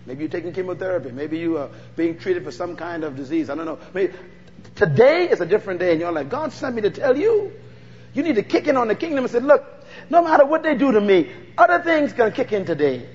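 A man's voice: high-pitched, sing-song, fast, long reverb tail, highs cut off. A Bahamian man preaching a fervent sermon, calling out to the congregation for responses.

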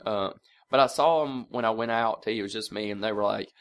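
A man's voice: fairly low pitch, brisk. A man co-hosting a podcast, telling a family prank story with laughter and casual swearing. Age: adult parent. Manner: animated, laughing storyteller who swears freely. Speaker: podcast co-host.

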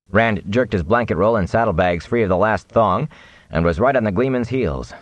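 A man reading a fantasy novel aloud in animated, expressive audiobook narration. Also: on the low side, normal speed, dry recording.

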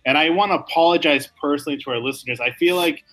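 A man's voice: on the high side, fast, fairly bright tone, soft background music, low-quality recording. A man co-hosting a comedy podcast, rambling through mock-serious apologies. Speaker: podcast co-host. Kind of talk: casual comedic chat.

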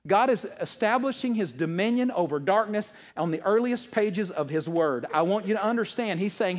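Man, high voice, pastor, emphatic sermon, rhetorical questions, loud then hushed. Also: animated, fairly quick, few pauses. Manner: emphatic preaching, swings between loud and hushed; asks the audience rhetorical questions.

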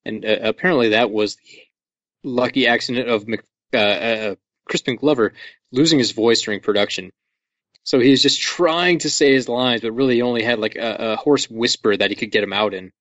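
A man's voice: medium pitch, a bit bright, no room sound. Enthusiastic man in casual movie chat. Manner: enthusiastic, profane, jokey. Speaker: podcast co-host. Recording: dull lo-fi dry sound.

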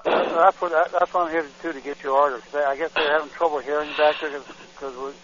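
A man's voice: on the high side, fairly even intonation, fast talker, a bit bright. A man managing a restaurant, talking on the phone in a polite, hesitant way. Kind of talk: phone order-taking. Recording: dull phone line from far off, restaurant crowd.

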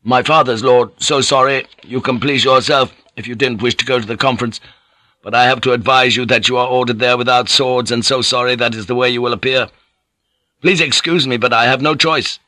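A man's voice: mid-range voice, steady tone, a little fast, bright, forceful tone, no echo, voice pushed up, close to an everyday voice. A man reading an audiobook and voicing a tense young samurai who keeps apologising with stiff politeness.

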